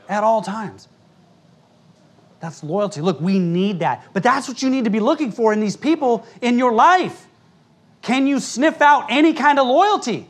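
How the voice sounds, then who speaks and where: A man's voice: extremely high pitch, animated, normal speed, husky. An American man, a pastor, preaching a sermon in church in a blunt, emphatic, conversational way, with frequent asides to the congregation. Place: church sanctuary before a congregation.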